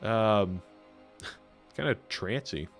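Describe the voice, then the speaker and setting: Drawing out his words in a fairly low voice, a gaming streamer talks through his live play as faint game music runs in the background. His chatter is rambling and full of fillers, thinking aloud and poking fun at himself for viewers.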